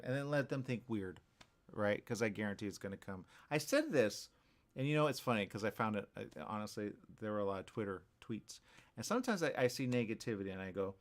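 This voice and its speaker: A man's voice: medium pitch, lively intonation, quick pace. A man hosting a morning radio show, talking in a rambling, repetitive monologue full of restarts and tag questions. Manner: repetitive, hesitant, keeps asking "okay?".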